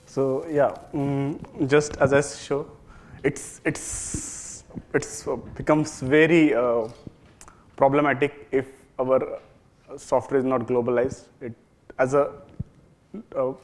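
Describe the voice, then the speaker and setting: A man giving a technical conference talk, halting, with frequent fillers and restarts. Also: mid-range voice, little pitch movement. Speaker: conference presenter.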